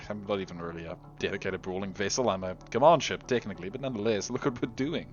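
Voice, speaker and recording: A man's voice: on the low side, big pitch swings, brisk. Man, gameplay commentator: bouncy, sing-song delivery, chuckles often, slips into mumbled asides; dull lo-fi sound over faint game music. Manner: chatty, giggly, trails off into quiet mutters. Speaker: game video host.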